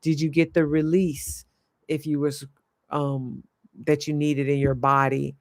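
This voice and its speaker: Slow, gravelly-voiced woman coach. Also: sits low, level tone, a little mellow, no room sound. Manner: earnest, halting, searches for words mid-sentence. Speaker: life coach. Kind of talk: reflective spiritual monologue.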